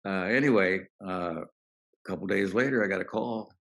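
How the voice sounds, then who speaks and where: A man's voice: sits low, normal speed. An older man, a guest on a podcast, telling anecdotes in an interview and acting out the lines of people he quotes. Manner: anecdotal, relaxed, acts out quoted dialogue. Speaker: podcast guest, business author. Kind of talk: storytelling interview answers.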